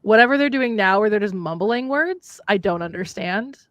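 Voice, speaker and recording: A woman's voice: medium pitch, lively intonation, normal speed, dry recording, dull audio. A woman with a light Minnesota accent, chatting casually and ramblingly as a livestream co-host. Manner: chatty, rambling, drops in Norwegian words. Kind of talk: casual chat. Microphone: remote streaming setup.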